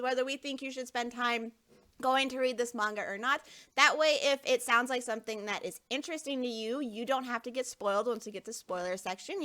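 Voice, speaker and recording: A woman's voice: a little high, sharp tone. A woman hosting a casual podcast, upbeat and giggly as she runs the show. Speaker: podcast host. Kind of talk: casual chat.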